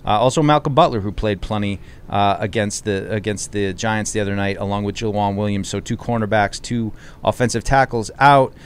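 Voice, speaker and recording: Fast-talking, clear-voiced sports podcast host. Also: male voice, fairly low pitch. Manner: casual, leads the discussion and asks questions. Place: outdoors at a training camp practice.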